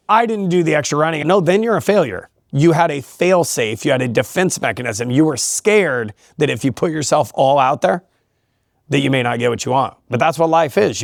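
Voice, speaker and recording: A man who coaches high school wrestling, talking in a relaxed interview in an emphatic, motivational way and laughing often. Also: vocal fry, no echo, studio quality. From California. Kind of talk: casual interview talk.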